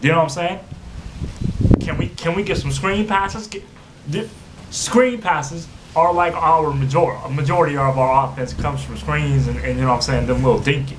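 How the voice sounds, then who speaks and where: Young man, angry fan rant, profane, heated, slightly high voice, faint background hiss. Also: moderate pace. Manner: profane, heated, repeats "you know what I'm saying". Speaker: sports fan vlogger.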